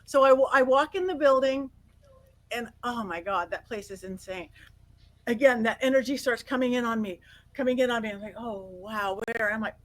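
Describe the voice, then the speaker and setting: A middle-aged woman guest on an interview, telling stories in an animated way, acting out quotes and laughing often. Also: fairly high pitch, fairly quick, low-quality recording. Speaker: guest psychic medium. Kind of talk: casual interview storytelling.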